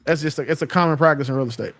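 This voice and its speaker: Brief: man, host, quick and a little high, lectures with confidence. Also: fairly bright tone. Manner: assertive, lecturing. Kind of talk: casual chat.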